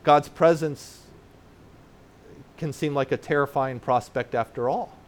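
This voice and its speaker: A man preaching a sermon, explaining ideas plainly and often pausing with "uh" or checking in with "right?". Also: a little high. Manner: earnest teaching with frequent "uh" and tag "right?"; explains terms plainly for children in the congregation. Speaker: pastor.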